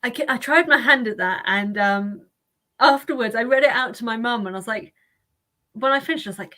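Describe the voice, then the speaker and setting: Giggly woman with bright voice. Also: on the high side, quick pace. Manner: giggly, rambling, laughs often. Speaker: livestream host. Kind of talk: casual chat on a livestream.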